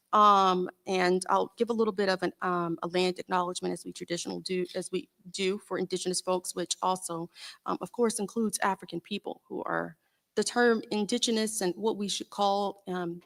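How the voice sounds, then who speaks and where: A woman's voice: mid-range voice, creaky. Southern woman on a panel, lots of ums and uhs, talks in starts and stops. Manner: halting, heavy with um and uh fillers. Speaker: panelist, educator. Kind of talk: symposium panel talk.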